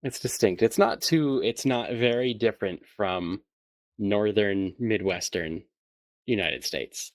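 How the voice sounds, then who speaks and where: A man chatting casually and playfully while gaming with a friend, laughing loudly. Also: fairly low pitch, takes it slowly, no echo, clean studio sound. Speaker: co-player.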